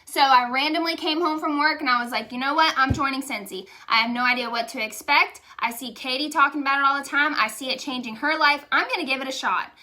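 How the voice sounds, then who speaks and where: A woman's voice: high voice, fast talker, hardly any pauses, sharp tone. A young woman giving a candid, emotional motivational testimonial, chatty and saying y'all. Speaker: direct sales leader.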